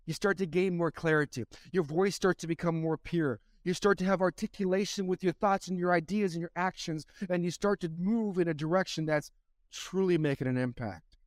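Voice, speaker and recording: Impassioned man with a high voice. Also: brisk, no echo, studio quality. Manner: impassioned, repetitive, preacher-like delivery. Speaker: podcast guest, former baseball player. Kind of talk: motivational interview answer.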